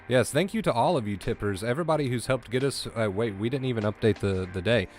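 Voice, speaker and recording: A man's voice: medium pitch, moderate pace, soft background music. A man streaming live, chatting casually and thanking viewers with effusive emotion, his voice breaking at times. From US East Coast.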